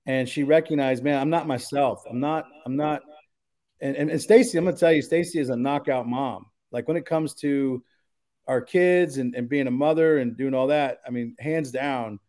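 Earnest pastor, thinking aloud. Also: male voice, medium pitch, normal speed, a little mellow. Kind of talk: casual podcast conversation.

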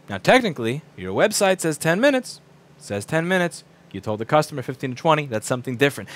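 Male shop owner, 30s, casual profane rant, lively pitch and slightly high voice. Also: fast. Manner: animated, profane, acts out quoted people in shifting voices. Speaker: repair shop owner and channel host.

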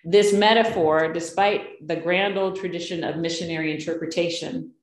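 A woman's voice: on the low side, fairly even intonation, normal speed. A woman pastor preaching a conversational sermon, telling stories with asides and rhetorical questions. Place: church sanctuary. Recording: echoey church sanctuary.

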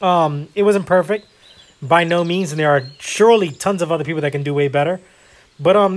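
A man hosting a casual gameplay video, chatting in a rambling, self-deprecating way with lots of fillers. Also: high-pitched. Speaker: gaming video host.

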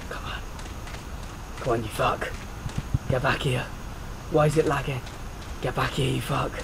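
A man's voice: mid-range voice, steady tone, measured pace, gravelly, background noise. A man giving let's play commentary, jumpy and prone to swearing, yelping and shrieking when startled. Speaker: gaming YouTuber.

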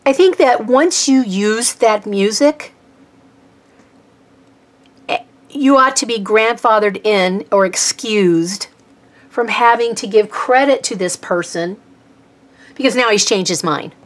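A woman hosting an art channel, talking casually to camera and complaining in a halting way with restarts. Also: on the high side. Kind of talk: casual vlog talk to camera.

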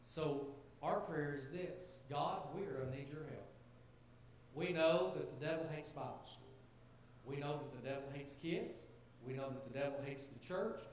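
A man's voice: a little high, moderate pace. A man preaching a sermon to his congregation in an earnest, conversational way, building to emphatic points. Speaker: pastor. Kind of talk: sermon to a church gathering. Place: church sanctuary. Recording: very echoey church hall, faint hiss.

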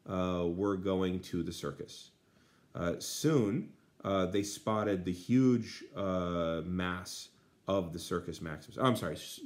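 A man Latin teacher translating a textbook aloud, with many fillers and dry asides. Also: low voice.

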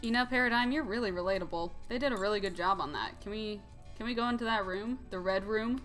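A woman's voice: medium pitch, fast talker, fairly bright tone. A young woman chatting her way through a point-and-click game, giggling and tossing out jokes and tangents in a mid-range voice. Faint game music sits under her talk. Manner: giggly, joking, rambling asides. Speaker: let's play host. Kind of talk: casual gameplay commentary.

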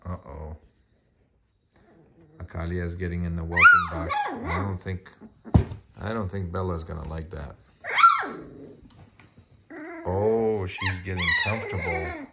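A man's voice: low voice, huge pitch swings, measured pace, pauses often. A man filming his dog's puppies, talking to them in cooing baby talk between casual narration. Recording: loud background noise. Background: puppies and dogs.

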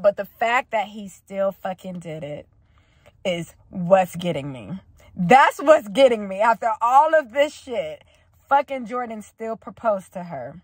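A woman in a car, gushing over a TV couple in casual, excitable reaction commentary, swearing freely. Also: medium pitch, measured pace, husky, no echo. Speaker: video host reacting to a TV show.

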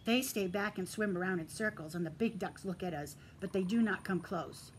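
A woman preschool teacher reading a picture book aloud to little children in an ordinary mid-pitched voice. Her manner is gentle and encouraging, and she now and then sinks into a hushed whisper. A faint hiss of noise sits under the voice. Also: moderate pace. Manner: drops to a soft whisper for quiet moments; stops to point out real sounds around her.

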